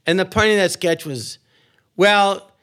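A man who is a comedian, trading sarcastic, deadpan jokes and telling animated stories as a guest. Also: fairly high pitch, moderate pace. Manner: animated storyteller. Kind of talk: comic banter and storytelling.

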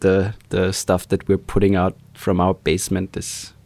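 A man's voice: sits low, completely flat delivery, moderate pace, darkish tone. A man from Austria co-hosting a podcast in casual chat, joking and self-deprecating. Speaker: podcast co-host.

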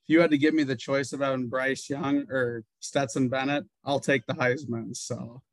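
A man co-hosting a sports podcast, giving measured, reasoned takes in casual chat. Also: medium pitch, flat delivery, no echo, low-quality recording. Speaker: podcast co-host.

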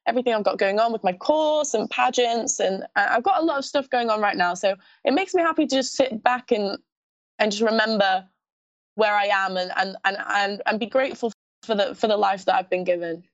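A brisk, mid-range voice comes from a young adult Scottish woman with a mild lisp, chatting as a pageant contestant in a casual interview. She giggles, talks a lot, and frequently restarts sentences; the audio is dull with no room sound.

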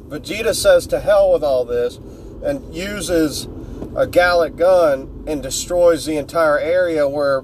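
A man's voice: a little high, a little mellow, a little hiss or hum. A man casually retelling a fan story, joking and swearing freely as he goes. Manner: laid-back, joking, swears freely, loses his words.

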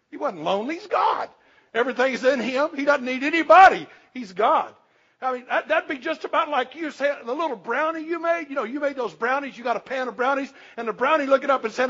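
A man's voice: very high voice, lively intonation, a little fast, a bit bright, breathy edge. A man preaching a sermon in a folksy, humorous, emphatic way. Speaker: pastor. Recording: dull lo-fi recording.

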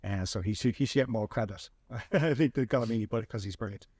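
A man hosting a podcast and telling a story in a chatty, animated way with lots of restarts. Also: on the low side, brisk, breathy edge, dry recording, studio quality. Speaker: podcast host. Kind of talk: casual storytelling chat.

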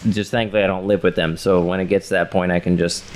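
A man's voice: sits low, little pitch movement, fast talker, slight background noise. A man talking casually with his partner, rambling with many fillers and restarts and swearing freely. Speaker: partner in a couple's talk.

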